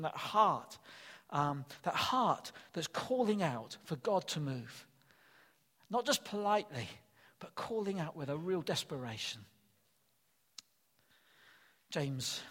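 An older man preaching with earnest emphasis, his high voice rising and falling in lively swings. He leans on repeated phrases, and the sound rings out in an echoey hall. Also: husky. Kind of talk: sermon.

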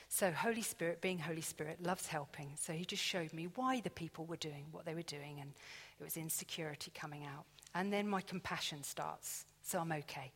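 A woman preaches in a chatty, confiding way, acting out her own thoughts as she tells stories. Her voice sits a little low. Her words ring out with a long echo from a hall. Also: fairly quick, fairly bright tone, breathy edge. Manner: chatty, confiding, acts out inner dialogue. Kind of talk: conversational sermon with personal stories. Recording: echoey hall.

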